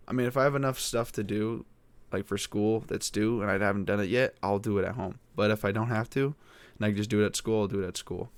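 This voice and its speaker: A teenage boy rants alone into his podcast mic, frustrated and rambling, cursing often. His voice sits on the low side, and the sound is dry and close with no room around it. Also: clean tone, no room sound. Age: teens. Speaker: podcast host. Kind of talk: casual venting monologue.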